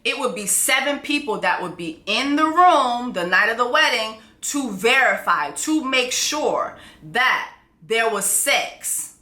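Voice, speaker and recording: Woman host, brash and animated recapper, bright tone, echoey room. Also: fairly high pitch, takes it slowly. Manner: brash, profane, animated storytelling. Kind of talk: casual show recap.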